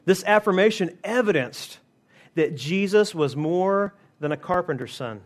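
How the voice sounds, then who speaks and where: High-voiced man preaching a sermon. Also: expressive. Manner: emphatic preaching, slowing to stress key phrases. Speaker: pastor.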